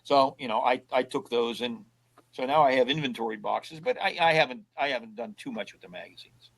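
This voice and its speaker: A man's voice: mid-range voice, brisk, vocal fry, rough recording. An older man, a guest in an interview, telling casual stories and acting out both sides of old conversations in a folksy way. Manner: folksy storyteller who acts out both sides of past conversations.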